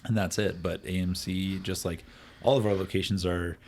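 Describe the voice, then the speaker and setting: A man co-hosting a podcast, chatting casually with joking asides. His voice is very deep. Faint noise hums under the recording. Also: flat delivery, normal speed, darkish tone. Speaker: podcast co-host.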